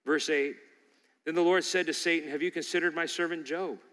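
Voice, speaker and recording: A pastor delivers a sermon in a high, bright voice that carries through a long hall reverb. He voices the devil's tempting lies and then fires back at them, swinging from forceful declarations to quiet asides. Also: fairly even intonation, fairly quick. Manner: preaching with rising intensity, acting out Satan's lies.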